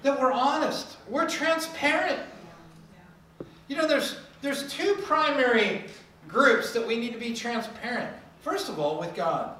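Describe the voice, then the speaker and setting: Bright, animated preacher in an echoey hall. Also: medium pitch, measured pace, distant mic, slight background noise. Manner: animated, acts out quoted voices with humor. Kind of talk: sermon.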